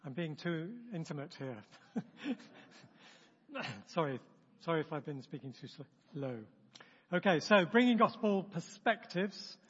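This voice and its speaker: A man with a husky voice leading a church training session in a chatty, self-interrupting way, acting out example remarks. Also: on the high side. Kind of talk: informal teaching talk. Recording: dull, long-reverb room recording.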